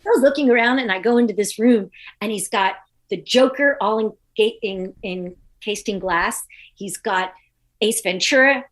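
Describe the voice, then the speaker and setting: A woman comedian guest telling a lively anecdote in a podcast interview, acting out the people she quotes. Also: medium pitch, a little slow. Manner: animated, acts out quoted voices.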